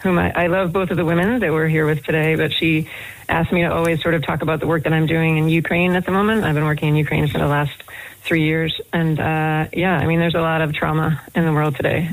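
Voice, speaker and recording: American woman professor, gravelly, flat delivery. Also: sits low, dry recording, low-quality recording. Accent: American, Boston area. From Boston, United States. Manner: chatty, animated storyteller with many fillers. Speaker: guest, professor of management. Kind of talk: conversational radio interview.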